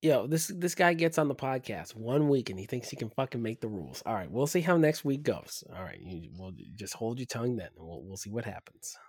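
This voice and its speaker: A man's voice: medium pitch, very animated, fairly quick, hardly any pauses, a little mellow, husky, no echo, clean studio sound. A man co-hosting a casual podcast, joking and teasing, laughing a lot.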